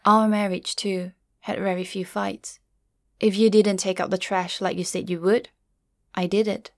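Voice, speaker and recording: A middle-aged woman narrating a first-person story in a quiet, measured, grieving way. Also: mid-range voice, flat delivery, no room sound, clean studio sound.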